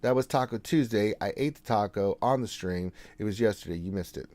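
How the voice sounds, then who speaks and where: A man hosting a casual gaming livestream, reading out viewer greetings and answering them in a relaxed, chatty way. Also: on the low side, a little fast, no room sound. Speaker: game streamer host.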